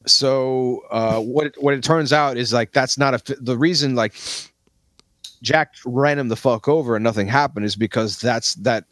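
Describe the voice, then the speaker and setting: A man's voice: medium pitch, moderate pace, fairly bright tone, no room sound. A man chatting casually about a movie, rambling and swearing freely with lots of fillers. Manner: profane, rambling, full of fillers.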